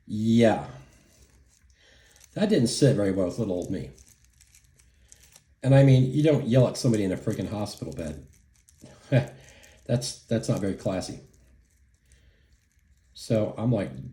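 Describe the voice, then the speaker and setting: In a casual vlog recorded in an echoey room, a middle-aged man tells a story, indignant and profane, rambling with lots of fillers. His lowish, dark-toned voice is animated, and he keeps a measured pace broken by long pauses.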